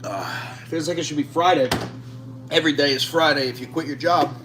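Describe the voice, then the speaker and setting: With music in the background, a home cook vlogger jokes and swears his way through cooking in his home kitchen, chatting casually and brashly to camera. He talks a little fast, and his pitch is fairly high.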